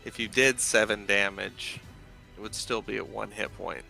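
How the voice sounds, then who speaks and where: Bright-voiced man running a tabletop game. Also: on the low side, steady tone, normal speed, gravelly, faint music behind. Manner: loose, rambling narration with many fillers. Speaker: game master.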